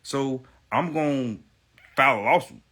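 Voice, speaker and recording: Man with a bright, pushing voice, mid pitch; defiant profane livestream rant, repeats lines for punch. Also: normal speed. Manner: emphatic and profane, repeats phrases for stress; defiant, self-assured. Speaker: livestream guest.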